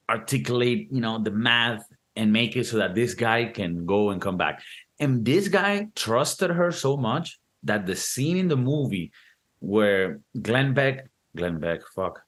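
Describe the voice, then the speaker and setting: On a podcast, a young co-host with a lowish voice casually reviews a movie. He explains it in an animated, profane way and acts out quotes from it.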